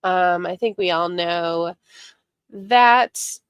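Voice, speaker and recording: A woman's voice: on the low side, very slow, clean tone, no echo, dull audio. Congested woman chatting on a livestream. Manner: chatty, greets viewers by name, rambling with fillers. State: congested from a head cold. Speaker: livestream host. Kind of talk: casual livestream chat.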